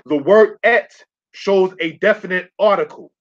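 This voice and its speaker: A man preaches a teaching sermon in a somewhat high voice, repeating his key points and asking his listeners whether they follow him. The recording sounds dull and lo-fi. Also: unhurried, fairly bright tone. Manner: repeats key phrases, checks in with the audience. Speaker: teacher of a congregation.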